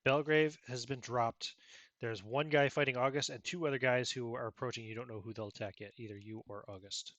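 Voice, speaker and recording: A man with a bright, forceful voice runs a tabletop game as game master. He narrates combat vividly, then drops into pauses as he checks the rules. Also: mid-range voice, steady tone, no echo.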